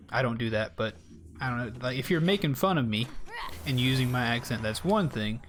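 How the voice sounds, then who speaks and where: A streamer from the Southern United States rambles through casual live gameplay commentary in a Southern accent, talking directly to his viewers. His medium-pitched voice is expressive and brisk, with a little hiss or hum in the audio.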